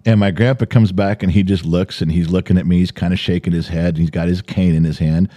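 A man's voice: low voice, steady tone, fast talker, dark tone. A middle-aged man hosting a podcast, telling a rambling, detailed anecdote in casual conversation. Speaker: podcast host. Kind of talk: casual storytelling.

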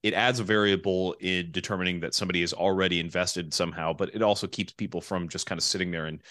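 A man's voice: low voice, fairly even intonation, fast, fairly bright tone, no room sound, clean studio sound. A man co-hosting a podcast, chatting casually with blunt, opinionated rants. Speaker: podcast co-host.

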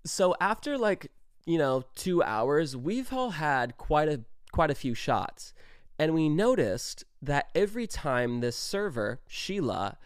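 A young man in his twenties telling a story in a casual, animated way, swearing often and stressing his words. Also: on the high side, takes it slowly, clean tone, dry recording, clean studio sound. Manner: animated, profane, emphatic storytelling.

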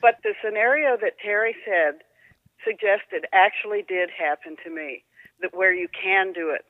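A woman's voice: mid-range voice, moderate pace, no echo, phone-quality sound. A woman guest on a podcast, telling an anecdote in casual conversation with a dry, wry manner.

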